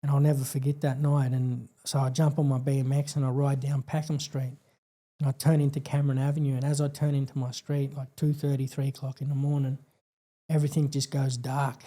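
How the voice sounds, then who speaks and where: An Australian man recounting a painful personal story as a podcast guest, earnest and halting, with many fillers and restarts. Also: mid-range voice, flat delivery, warm tone.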